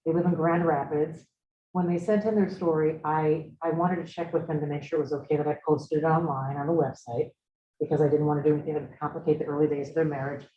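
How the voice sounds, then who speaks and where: Speaking quickly in a low voice with fairly even intonation, a middle-aged woman runs a conversational seminar, reflecting aloud and questioning her students. The recording sounds roomy and slightly dull.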